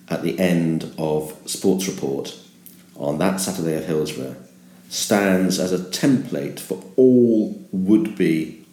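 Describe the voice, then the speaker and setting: Deep-voiced emphatic man. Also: warm tone, reverberant. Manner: emphatic, repeats words when starting a thought. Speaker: sports broadcaster. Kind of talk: reflective interview talk.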